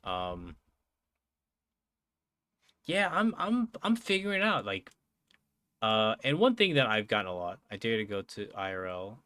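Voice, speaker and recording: A man's voice: fairly low pitch, very animated, a little slow, long pauses, bright, forceful tone, smooth, dry recording. A young man chatting casually on a live stream, rambling with lots of fillers, swearing and frequent laughs. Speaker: streamer and podcast host.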